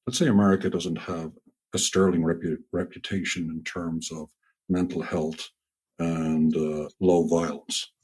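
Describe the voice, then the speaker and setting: A man's voice: low-pitched, flat delivery, measured pace, darkish tone, slightly rough. A man hosting an interview, building a point at length before asking a question. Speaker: podcast host.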